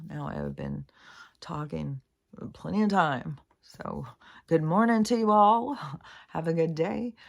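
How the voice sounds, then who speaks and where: A woman's voice: deep voice, gravelly. A middle-aged woman talking through a meandering spiritual monologue, earnest and casual, with swearing and many fillers. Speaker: spiritual vlogger.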